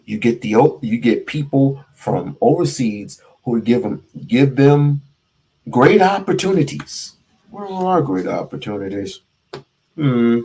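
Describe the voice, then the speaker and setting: A man hosting a casual commentary stream, talking emphatically with big swings in pitch and loudness and asking the audience rhetorical questions. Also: lively intonation, measured pace, slightly rough. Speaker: host reacting to a clip.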